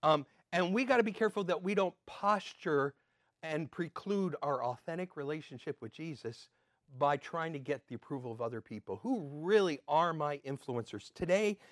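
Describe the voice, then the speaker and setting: An older man giving an earnest sermon as a pastor, swinging between emphatic and soft. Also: a little high, lively intonation, moderate pace, no room sound, clean studio sound.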